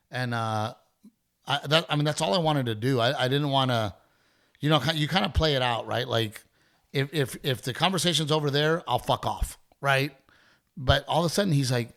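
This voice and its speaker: Male podcast host, middle-aged, casual storytelling, profane, lots of restarts, mid-pitched voice. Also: normal speed, creaky. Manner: profane, rambling, animated storyteller with many restarts.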